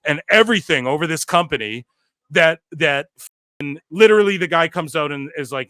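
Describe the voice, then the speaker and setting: A man rants at length, exasperated and profane, leaning on filler words as he circles back to his point. His voice sits a bit high, and the recording is dry and close with no room sound. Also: lively intonation, moderate pace, pushed and bright, dry recording. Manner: exasperated, profane, repeats himself with many "like"s. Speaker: podcast co-host. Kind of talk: heated wrestling-commentary rant.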